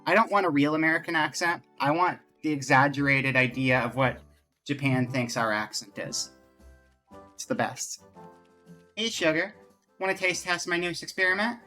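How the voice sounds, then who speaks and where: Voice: mid-range voice, moderate pace, sharp tone, faint music behind. A game streamer chatting casually with viewers and reading game dialogue aloud during a live stream.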